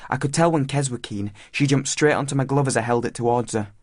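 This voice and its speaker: A man's voice: medium pitch, fast, a little mellow, dry recording, clean studio sound, close to an everyday voice. Man doing a blunt Yorkshire teenage boy. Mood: earnest. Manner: blunt, eager, dialect-heavy. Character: defiant working-class teenage boy.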